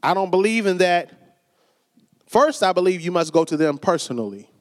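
High-voiced preacher man, reverberant church. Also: lively intonation, moderate pace. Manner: conversational, calls for amens, acts out quoted voices. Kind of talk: sermon. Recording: long reverb of a church hall.

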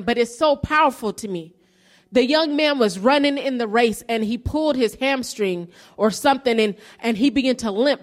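A woman giving an earnest sermon-style testimony, telling her story and rising into preaching emphasis. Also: high voice.

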